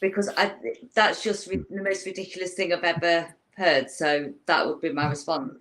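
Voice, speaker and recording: A woman speaking as a guest on a podcast. She answers in a measured, polite way. Her voice sits a little low for a woman. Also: a bit bright. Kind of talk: podcast interview.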